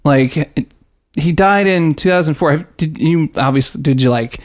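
A man's voice: on the high side, moderate pace. A man hosting a casual podcast chat, telling stories with lots of asides and swearing. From American South. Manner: animated storyteller, jumps into mock voices, swears. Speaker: podcast host.

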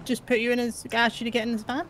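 Fast-talking, hesitant woman officer. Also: a little high, completely flat delivery, fairly bright tone, slight background noise, low-quality recording. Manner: hesitant, questioning, many fillers. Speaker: police officer in roleplay. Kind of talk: game roleplay, questioning a witness.

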